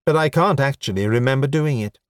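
A man's voice: mid-range voice, a little fast, clear, resonant tone, no echo, clean studio sound, voice pushed up, lightly acted. A man voicing a polite, bewildered human man with no memory, speaking mildly and apologetically in a storybook reading. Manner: apologetic, mild, matter-of-fact.

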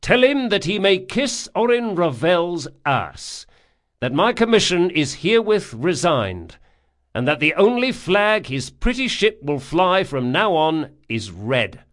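Audiobook: male narrator as brisk, commanding pirate captain; lively, pushed up in pitch and volume. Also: exaggerated voice. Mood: defiant. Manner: brisk, commanding orders to a crew. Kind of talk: audiobook character voice.

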